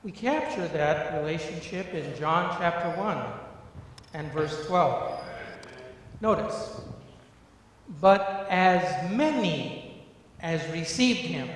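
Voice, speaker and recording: Man, middle-aged, preacher, slow delivery, fervent repetition, distant mic, long church reverb. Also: on the high side. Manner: builds from hushed to fervent, emphatic repetition. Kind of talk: sermon. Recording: echoey hall, far from mic.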